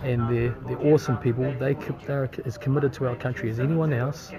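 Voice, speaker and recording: A man's voice: mid-range voice, steady tone, brisk, gravelly. Indignant New Zealand man in a crowd. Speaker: campaign leader posting a video update. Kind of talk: casual video update. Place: airport terminal, waiting on a delayed flight. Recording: crowd chatter behind.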